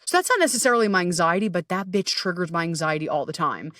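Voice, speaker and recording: A woman's voice: fairly low pitch, lively intonation, fast talker, a bit bright, no echo, clean studio sound, distant mic. A woman hosting a podcast as a coach, talking candidly and self-deprecatingly, swearing freely and laughing often.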